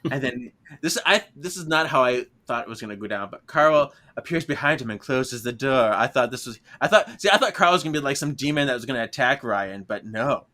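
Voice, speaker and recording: A man's voice: mid-range voice, fairly quick, hardly any pauses. A man co-hosting a podcast in casual chat, recapping a book with lots of laughter and acted-out lines. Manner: animated, laughing often, acts out characters' lines. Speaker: podcast co-host.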